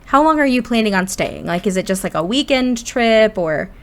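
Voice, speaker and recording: A woman voicing a resigned father in his seventies in her own voice, soft and reassuring in a game story. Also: on the high side, animated, normal speed.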